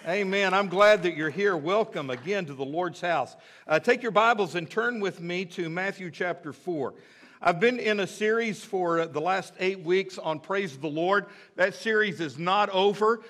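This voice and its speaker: Man, pastor, slightly high voice, conversational sermon, joking asides. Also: moderate pace, fairly bright tone. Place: church sanctuary.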